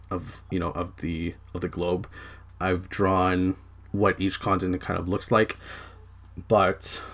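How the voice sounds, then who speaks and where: Rambling young man, low voice. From Canada. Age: young adult. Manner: rambling, frequent self-corrections and fillers. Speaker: podcast host. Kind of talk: casual chat about his novel.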